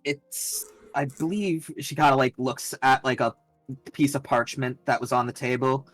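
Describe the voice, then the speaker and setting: A young man narrating as game master in a tabletop game, casual and halting, with many fillers and restarts. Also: mid-range voice, fairly even intonation, fairly bright tone, dry recording, faint music behind, rough recording. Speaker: dungeon master.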